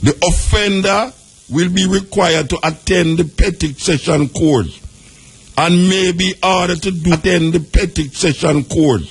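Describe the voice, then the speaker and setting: A Jamaican man with a husky, slightly high voice works through a legal text aloud on his radio talk show. He reads each clause carefully, then drops into quick patois asides before going back to the text. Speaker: radio host. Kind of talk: reading and commenting on a law.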